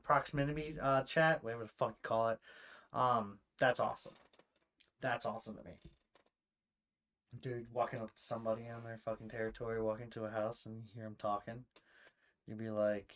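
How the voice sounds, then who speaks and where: Profane, animated young man chatting. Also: medium pitch. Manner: profane, animated storytelling, swears often. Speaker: podcast co-host and streamer. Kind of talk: casual podcast chat.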